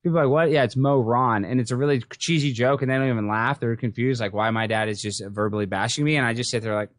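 A man's voice: mid-range voice, rapid-fire, no room sound, studio quality. A young man hosting a casual podcast chat, talking animatedly, swearing and acting out the people he quotes.

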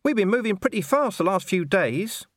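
Nervous whining little mutt, a male narrator doing the voice, high and anxious, for an audiobook. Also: big pitch swings, moderate pace, no echo, studio quality. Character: small scruffy talking male dog, nervous.

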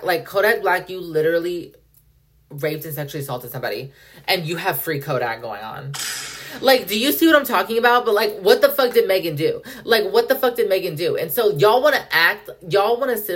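Low-voiced woman ranting on a podcast. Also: animated, normal speed. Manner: heated, profane, heavy use of "like". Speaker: podcast host.

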